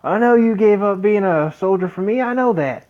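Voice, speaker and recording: Guy putting on a cocky teenage fighter boy, pitched up, swoopy, dull lo-fi sound. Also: expressive, moderate pace. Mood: pleading. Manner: pleading, earnest, pitched up. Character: bold young teenage boy fighter, eager.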